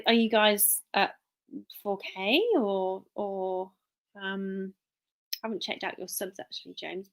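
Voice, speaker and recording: A woman chatting casually on a live stream, rambling and restarting sentences as she reads out viewer names. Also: medium pitch. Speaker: live streamer, work-from-home mum.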